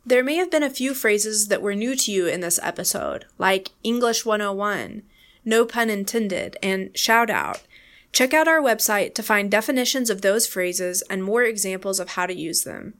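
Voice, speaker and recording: A woman's voice: medium pitch, lively intonation, a bit bright. American woman teaching pronunciation. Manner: clear, deliberate, demonstrates words by repeating them slowly. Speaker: podcast co-host, English teacher. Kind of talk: scripted pronunciation lesson.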